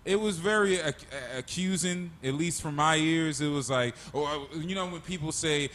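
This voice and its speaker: A man's voice: a little high, normal speed, hardly any pauses, fairly bright tone. A man hosting a casual comedic chat, profane and jokey, slipping into voices for his stories. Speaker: podcast host.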